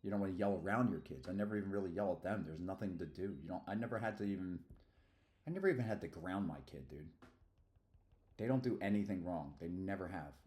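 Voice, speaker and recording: A man's voice: sits low, fast, warm tone. A middle-aged man from Philadelphia, rambling and slangy in casual livestream chat. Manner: rambling and slangy, loose asides. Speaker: streamer.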